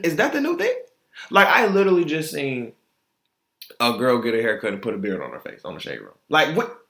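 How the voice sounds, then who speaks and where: A man hosting his own podcast, giving an opinionated, exasperated casual monologue. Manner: animated, exasperated, swings pitch up high in mock disbelief. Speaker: podcast host. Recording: echoey room.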